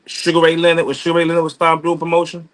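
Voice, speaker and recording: A man with a voice pitched a bit high rambles in relaxed street slang. He keeps restarting his thoughts. He is calling in from his office. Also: racing. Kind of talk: casual chat. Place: office at work.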